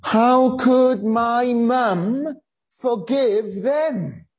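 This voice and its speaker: A preacher voicing a young woman torn by anger and grief in a sermon retelling, pitched well above the speaker's own voice. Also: very slow, darkish tone. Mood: anguished. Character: angry young woman struggling to forgive.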